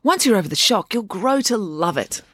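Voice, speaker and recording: A cool, scheming schoolgirl voiced by the narrator, unruffled and smug, delivering even threats sweetly. The reading is dry and close, with a lively, varied lilt. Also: mid-range voice, normal speed, no room sound, voice pushed up. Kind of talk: audiobook character voice.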